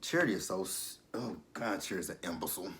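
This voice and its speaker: A man casually recapping a TV drama episode, sassy and animated, talking back to the characters. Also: low voice, fast talker. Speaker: TV show reviewer. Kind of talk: casual review vlog.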